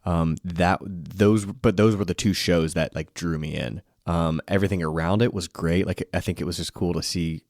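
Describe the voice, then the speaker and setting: Deep-voiced tipsy man. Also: steady tone, moderate pace, hardly any pauses, a little mellow, no room sound, clean studio sound. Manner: rambling, self-deprecating, swears freely. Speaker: podcast co-host. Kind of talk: casual chat over drinks.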